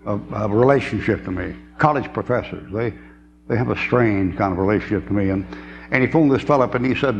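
A man's voice: on the low side, fast talker, vocal fry. A man, preaching a folksy sermon, telling stories and laughing often. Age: 70s. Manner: folksy storytelling, laughs often, drawling asides. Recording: dull lo-fi tape with faint hum.

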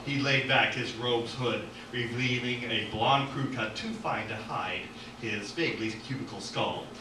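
A man reading from his own novel at an open mic in an art gallery, animated, with asides and self-corrections. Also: medium pitch, measured pace, noisy background. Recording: echoey gallery from far off.

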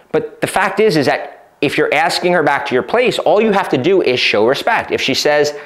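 A man's voice: fairly high pitch, expressive, moderate pace, hardly any pauses, fairly bright tone. A man coaching on dating, speaking conversationally and often checking in with "right?" while he acts out short exchanges. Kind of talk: advice talk to camera.

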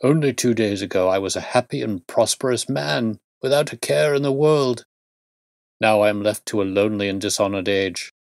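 A man's voice: lowish voice, normal speed, creaky, no echo, clean studio sound. A man voicing an anguished middle-aged male banker who pleads and exclaims in distress. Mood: despairing.

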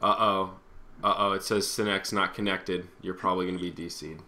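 A man's voice: deep voice, fairly even intonation, a little fast, bright, forceful tone. A young man co-hosting a casual online show, rambling in a laid-back way with lots of fillers while he plays a game. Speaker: podcast co-host. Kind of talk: casual chat while gaming.

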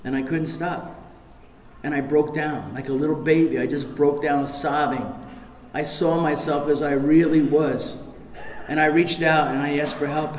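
Animated man telling his story in an echoey hall. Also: a little high, slight background noise. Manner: animated storyteller, acts out voices, shouts punchlines. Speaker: recovery meeting speaker. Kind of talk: recovery share to a live audience. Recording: echoey hall recording with audience.

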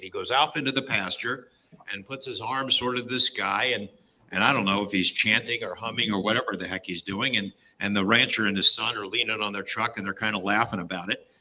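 A man's voice: lowish voice, brisk, sharp tone, rough recording. A middle-aged man casually retelling a story, with many fillers and quoted lines acted out. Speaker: guest storyteller.

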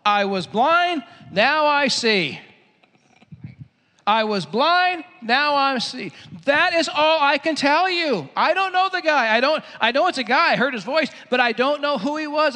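A man voicing an excited man who has just been healed of blindness, exclaiming in a sermon. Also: very high-pitched, unhurried, voice pushed up, full character voice. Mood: flustered. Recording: echoey hall.

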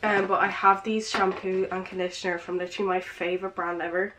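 A woman's voice: mid-range voice, steady tone, a little fast, background noise. A teenage woman chatting through a present haul, out of breath, saying "like" and "um" constantly. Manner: chatty, filler-heavy, lots of "like" and "um". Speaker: vlogger. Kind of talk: casual present haul vlog. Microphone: camera with ring light.

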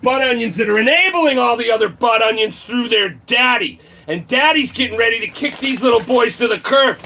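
A man delivering a profane, angry rant to the camera, often shouting and mocking. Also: very high voice, brisk, vocal fry. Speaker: video creator.

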